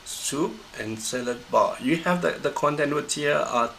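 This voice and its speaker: Gravelly man teaching pronunciation. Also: a little high, fairly bright tone, slight background noise, poor audio. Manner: halting, many fillers and restarts. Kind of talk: screen-recorded lecture.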